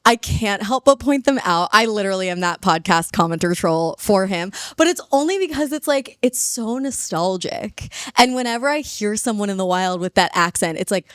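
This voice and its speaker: Brief: woman from Baltimore, podcast guest, chatty with upspeak and fry, smooth clear tone, dry close mic. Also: medium pitch, lively intonation, fairly bright tone, no room sound. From Baltimore, USA. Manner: chatty, quick, laughs often, upspeak and vocal fry. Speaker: guest sociolinguist. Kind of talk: casual interview chat. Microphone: podcast microphone.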